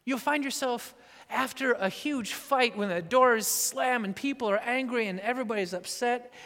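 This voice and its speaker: A man preaching a sermon with great drama, dropping to hushed whispers and rising to shouts. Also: very high-pitched, normal speed. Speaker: pastor. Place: church sanctuary. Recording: long church reverb.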